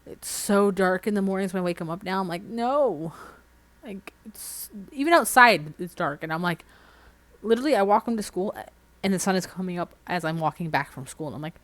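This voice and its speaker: A woman in her thirties chatting casually on a livestream while doing nails, rambling through animated everyday stories. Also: fairly low pitch, a little fast, no room sound, low-quality recording. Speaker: streamer.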